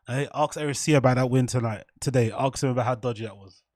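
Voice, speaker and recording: A man's voice: mid-range voice, quick pace, darkish tone, no room sound. A man hosting a casual livestream, talking loosely to his viewers in slang and with plenty of swearing. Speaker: livestream host. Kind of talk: casual rambling livestream chat.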